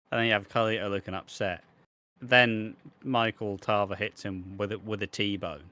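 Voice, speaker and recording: A man's voice: fairly low pitch, steady tone, moderate pace, sharp tone, a little hiss or hum. A man co-hosting a casual wrestling podcast, laid-back, swearing freely and trailing off with ums. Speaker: podcast co-host. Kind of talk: casual chat about wrestling.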